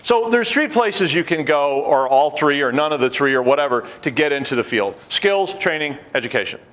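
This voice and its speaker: A middle-aged man giving a conference talk, an animated storyteller who acts out the people he quotes and drops wry joking asides. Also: a little high, moderate pace. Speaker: conference speaker.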